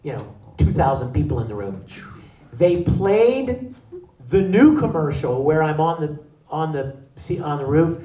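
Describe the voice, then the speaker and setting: High, animated man telling stories. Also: unhurried. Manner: lively, laughing, acts out voices. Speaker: convention panel guest. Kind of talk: animated storytelling. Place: convention panel room. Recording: echoey room from far off.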